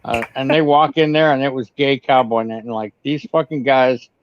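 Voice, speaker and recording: A man's voice: medium pitch, steady tone, moderate pace, no echo, muffled recording. Man telling crude jokey stories. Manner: crude, joking anecdotes. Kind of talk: casual storytelling chat.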